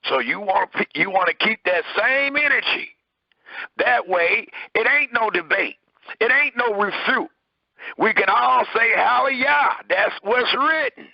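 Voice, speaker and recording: A man's voice: animated, measured pace, creaky, no room sound, dull audio. A man preaching a sermon, reading scripture aloud and pressing hard on his words. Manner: emphatic, preaching with rising and falling pitch.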